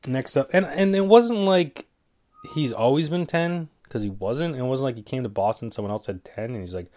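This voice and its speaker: Guy with a stuffy nose just rambling solo on his show, kinda dark mellow voice, jokey side tangents. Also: medium pitch, lively intonation, fairly quick. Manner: rambling, jokey asides, stumbles over names. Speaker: podcast host giving fight picks. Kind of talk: casual solo commentary.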